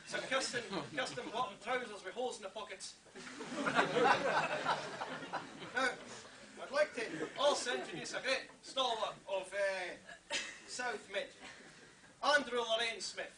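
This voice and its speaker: A man's voice: extremely high pitch, moderate pace. A Scottish man telling jokes in a speech at a function and chuckling at his own punchlines. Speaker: speaker at a function. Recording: echoey hall picked up from far off, noisy.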